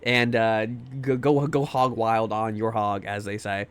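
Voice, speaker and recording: A young American man, hosting a livestream, rants casually in rambling, profane stream chat, repeating words as he restarts sentences. He has a lowish voice with flat delivery, speaks a little slowly, and the tone is clean.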